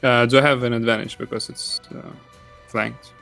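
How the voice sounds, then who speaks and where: A man playing a tabletop game, asking rules questions in an unhurried way with lots of filler. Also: medium pitch, flat delivery, creaky, pushed and bright, soft background music. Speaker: player. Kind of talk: casual tabletop game play.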